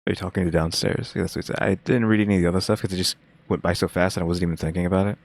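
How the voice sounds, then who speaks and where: A man chatting casually as co-host, with dry deadpan humor and rambling asides. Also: sits low, rapid-fire. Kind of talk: casual reaction chat.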